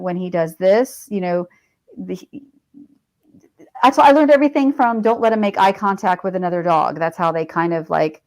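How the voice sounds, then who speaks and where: A woman's voice: on the low side, rough recording. Chatty middle-aged woman telling stories. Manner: chatty and digressive, with frequent fillers and laughs. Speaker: podcast guest, veteran and author. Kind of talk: casual conversational storytelling.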